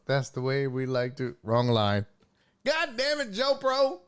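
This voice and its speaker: A man's voice: medium pitch, slow pace, clean tone. A young man hosting a casual sports podcast, joking around and cursing freely. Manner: profane, animated, joking. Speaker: podcast host.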